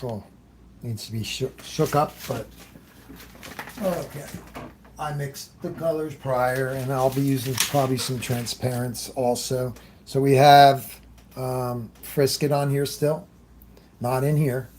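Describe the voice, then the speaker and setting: Working through a live airbrush demo, this male host greets his viewers and talks casually as he paints, frequently leaving thoughts unfinished. He speaks slowly with a steady, medium-pitched tone against a noisy background.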